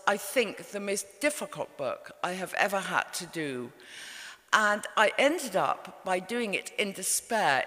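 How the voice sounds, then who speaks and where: Wry English woman, lively and bright. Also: medium pitch. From England. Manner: wry and understated. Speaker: author. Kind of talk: storytelling talk to a live audience. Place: event hall. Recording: reverberant live venue.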